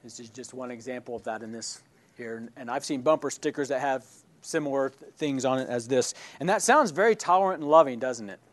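A man's voice: mid-range voice, brisk. A man teaching a church class who keeps checking in with his listeners, asking "right?" and "all right?". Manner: asks questions and checks in with "right?".

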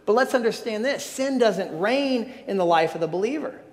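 A man's voice: high voice, lively intonation, normal speed. A pastor preaching a sermon, earnest and emphatic, often restarting his phrases. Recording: long hall reverb.

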